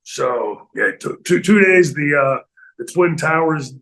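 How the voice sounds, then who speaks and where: A middle-aged man casually telling stories in a studio interview, animated and laughing often, acting out other people's lines. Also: on the high side, measured pace, creaky, poor audio. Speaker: retired pro wrestler guest telling stories. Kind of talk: casual storytelling in a podcast interview.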